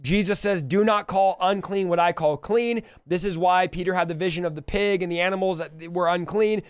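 A young man teaching the Bible verse by verse in an energetic, conversational way, speaking straight to his viewers and lifting his voice when he quotes scripture. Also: sits high, fairly quick, few pauses, smooth, no room sound, clean studio sound. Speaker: preacher and podcast host.

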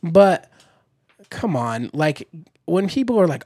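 A man's voice: on the high side, big pitch swings, slow, pauses often, mellow, dry recording, clean studio sound. A man hosting a casual podcast chat, upbeat and leading the talk. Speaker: podcast host.

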